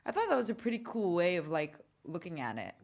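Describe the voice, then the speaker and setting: Young woman, lowish voice, chatty, laughing podcast co-host. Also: very animated, fast, creaky. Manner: chatty, laughs often, many fillers. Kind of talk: casual chat.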